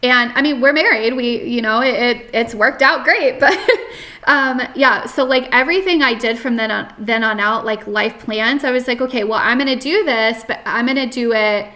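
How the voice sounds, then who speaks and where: A woman's voice: fairly high pitch, moderate pace, bright, forceful tone. A young woman from North Carolina, a podcast guest telling her story in casual talk, full of "like" and restarts. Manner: chatty, many fillers and restarts, frequent "like". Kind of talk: casual interview, personal story.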